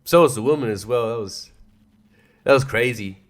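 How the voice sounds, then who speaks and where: A man's voice: mid-range voice, moderate pace. Man ranting on a solo podcast. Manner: rambling, swears a lot, laughs often. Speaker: podcast host. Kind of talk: casual solo podcast rant.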